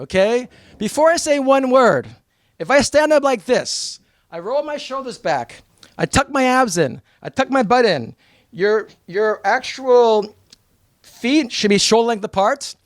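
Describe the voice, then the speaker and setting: An American man from New York giving a blunt, energetic talk to a live seminar audience as a motivational speaker. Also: very high-pitched, normal speed, no echo. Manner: energetic, blunt and emphatic, with mock voices.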